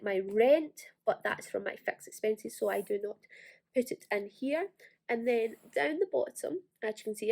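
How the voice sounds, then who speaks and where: Young Ayrshire Scottish woman, slightly high voice, quick chatty vlogger delivery. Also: vocal fry, a little mellow. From Scotland. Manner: fast, chatty, self-deprecating. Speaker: planner vlogger. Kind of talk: casual tutorial walkthrough.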